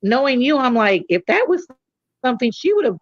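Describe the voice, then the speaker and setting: A woman's voice: high voice, very animated, a little fast. Middle-aged california woman hosting, candid stories and jokes, dry dull-ish audio, no room echo. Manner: candid storytelling, joking asides. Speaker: host. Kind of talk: casual chat.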